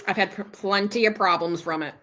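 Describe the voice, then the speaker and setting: During a casual live chat, a middle-aged channel host frankly tells the story of an argument, voicing both sides in quoted dialogue. Her mid-range voice is fairly bright and she speaks fairly fast.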